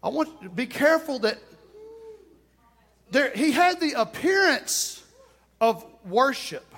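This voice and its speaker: A man's voice: extremely high pitch, a bit bright. A man preaching a sermon, emphatic and repetitive, with touches of humor.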